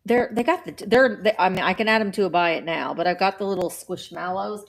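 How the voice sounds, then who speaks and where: A woman's voice: mid-range voice, fast talker, vocal fry. A woman chatting casually while running a live vintage auction, bubbly and playful with sing-song noises.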